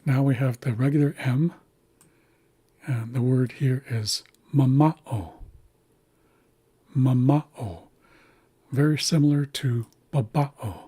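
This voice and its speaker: A man guides learners through a pronunciation lesson at a deliberately slow pace, repeating each word with care. His voice is heavily breathy and husky, with a mellow, relaxed warmth. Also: medium pitch. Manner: patient, deliberate, models words slowly and repeats them. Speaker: language teacher. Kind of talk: slow instructional walkthrough.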